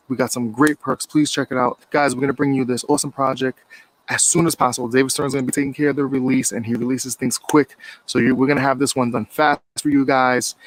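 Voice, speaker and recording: A man, a film director, giving an excited, upbeat crowdfunding pitch outdoors in the woods. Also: low-quality recording.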